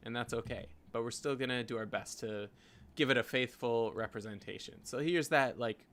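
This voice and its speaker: A man's voice: medium pitch, normal speed, a bit bright. Chatty Canadian man thinking aloud. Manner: thinking aloud, rambling with frequent "like" and "you know". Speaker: graphic designer. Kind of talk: casual screen-share design vlog.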